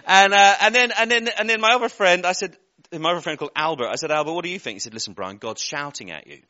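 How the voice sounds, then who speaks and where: Male preacher, bright lively storyteller, slightly dull lo-fi church recording. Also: sits high, very fast. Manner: animated storyteller, laughs at own jokes. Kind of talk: sermon with personal storytelling.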